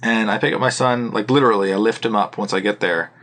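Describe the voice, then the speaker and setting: A man's voice: lowish voice, steady tone, fast, a bit bright. A man co-hosting a podcast, telling a rambling story in casual chat and laughing often. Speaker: podcast co-host. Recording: faint background noise.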